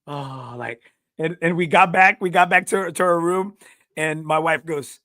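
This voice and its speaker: A man hosting a golf podcast, telling stories in casual chat, swearing freely and bursting into shouts. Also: a little high, steady tone, moderate pace, no echo, studio quality. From South Texas. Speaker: podcast host. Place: podcast studio.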